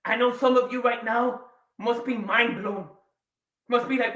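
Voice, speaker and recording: A man in his forties giving a keynote talk on stage, telling a personal story with dramatic pauses and sudden swings between quiet and loud. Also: extremely high pitch, fairly even intonation. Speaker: keynote speaker. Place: large event room or hall. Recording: echoey hall, voice a bit distant.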